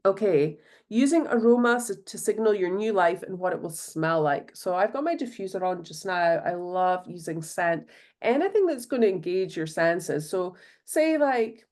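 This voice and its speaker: A woman's voice: on the low side, darkish tone. Scottish woman, solo podcast host, casual and bubbly, filler-heavy delivery. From Scotland. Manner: bubbly, chatty, lots of fillers.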